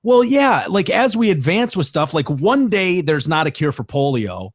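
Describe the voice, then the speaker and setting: A man's voice: fairly high pitch, big pitch swings, normal speed, dry recording, clean studio sound. A man hosting a podcast, chatting casually and joking with a co-host, laughing often.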